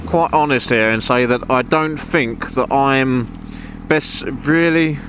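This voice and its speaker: A man, rambling and ranting casually in his own vlog outdoors by a car park. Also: slow. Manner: rambling, ranting, animated pitch swings. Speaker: motorcycle vlogger. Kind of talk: casual chat. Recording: loud outdoor wind and traffic noise.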